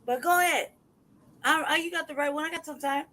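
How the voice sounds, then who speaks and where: A man holds forth on a casual livestream in a heated, profane torrent. His voice sits unusually high for a man. He reads documents aloud with open mockery. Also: brisk, bright, forceful tone, rough recording. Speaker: livestream host.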